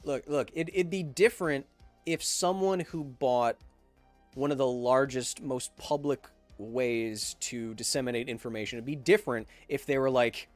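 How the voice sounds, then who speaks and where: A man in his thirties hosting a casual podcast live stream, reading viewer questions and answering with animated, opinionated emphasis. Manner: animated and opinionated, with emphatic swings in pitch and volume.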